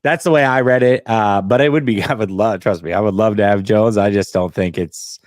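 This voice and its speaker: A man's voice: on the low side, brisk, no room sound, studio quality. A man on a sports talk show analyzing team finances and trades at length. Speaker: sports podcast panelist.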